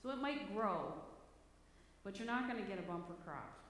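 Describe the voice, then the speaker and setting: A woman's voice: mid-range voice, lively intonation, moderate pace, a bit bright. A woman preacher giving a conversational, storytelling sermon, self-deprecating and chatty, in a church hall. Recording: echoey hall, faint background noise.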